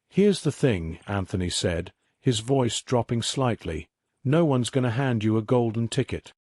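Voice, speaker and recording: A male narrator reading a scripted story at a mid pitch, steady and even in his delivery. The sound is dry and close, with no trace of room echo.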